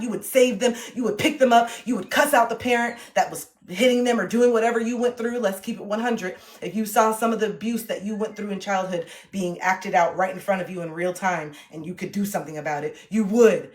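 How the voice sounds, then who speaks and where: A woman in her thirties, a relationship coach, giving blunt, emphatic motivational talk on a livestream and swearing freely. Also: mid-range voice. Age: 30s.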